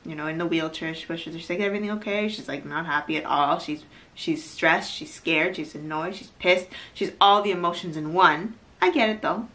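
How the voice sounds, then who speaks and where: A woman talks through a show recap in a loose, chatty way, leaning on "like" and breaking into easy laughter. Her voice sits a little low for a woman. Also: a bit bright. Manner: chatty, lots of "like", laughs easily. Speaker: YouTuber recapping a reality show. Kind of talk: casual recap chat.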